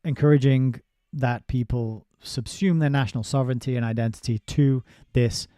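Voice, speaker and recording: Male book reviewer with a deep, warm, dark tone and a dry close sound. He is sardonic and halting. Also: steady tone, no echo. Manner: sardonic asides with halting restarts. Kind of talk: casual spoken book review, reading passages aloud.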